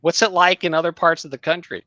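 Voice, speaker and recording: Man, middle-aged, bright tone, dry close sound, halting, restarts often, storytelling chat. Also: fairly high pitch, fairly even intonation, dry recording, highs cut off. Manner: halting, many fillers and restarts, chuckles. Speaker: guest, creative writing teacher. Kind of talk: casual conversation, anecdote.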